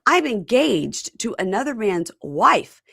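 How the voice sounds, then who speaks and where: A woman's voice: a little high, big pitch swings, slow pace, vocal fry, fairly bright tone, breathy edge, dry recording, clean studio sound, pitched above the performer's own voice, heavily acted. A woman voicing an offended, stern man who lectures indignantly about being lied to.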